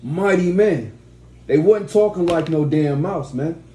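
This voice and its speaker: Man preaching bluntly to a group, lively pitch, dark tone, echoey room. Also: a little slow. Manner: blunt, profane, mocking. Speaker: teacher of a study group. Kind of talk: preaching to a class. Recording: echoey room, faint background noise.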